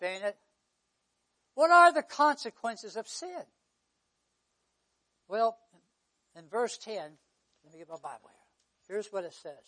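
Southern pastor, man, very high voice, sermon delivery with loud bursts and hushed asides. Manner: preaching with surges to near-shouting and drops to a hush.

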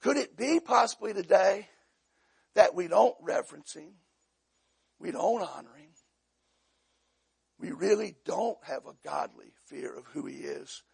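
Gravelly, high-voiced preacher. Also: male voice, expressive, unhurried, long pauses. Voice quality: gravelly, husky. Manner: folksy storytelling, acts out voices, builds to loud shouts. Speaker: pastor. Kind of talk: sermon with humorous stories.

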